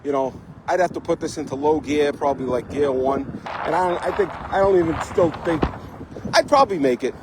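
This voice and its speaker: A man's voice: a little high, lively intonation, brisk. A man live-streaming a casual ride on a bike path outdoors, rambling and chatty, a bit out of breath, with wind buffeting the phone mic. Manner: rambling, chatty, fills with "you know". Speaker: vlog host. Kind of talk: live-streamed casual chat while biking. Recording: heavy wind noise on the mic.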